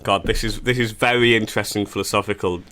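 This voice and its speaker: A comedian co-hosting a podcast, talking in a playful, self-mocking way in casual chat. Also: male voice, on the low side, steady tone, quick pace, bright, forceful tone.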